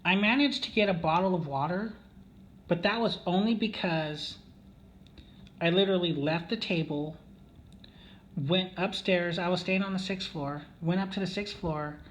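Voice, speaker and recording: A man's voice: high-pitched, fairly bright tone, slight background noise. A man telling a casino story in a rambling way, with many fillers and restarts, often checking in with "okay?". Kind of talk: casual storytelling monologue.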